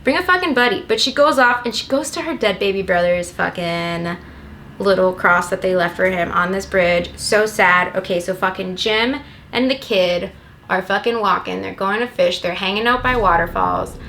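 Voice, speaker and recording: A woman's voice: medium pitch, moderate pace, gravelly, fairly bright tone, a little hiss or hum. A young woman recapping a movie in a rambling, sarcastic comedy style, swearing constantly. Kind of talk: profane comedic plot recap.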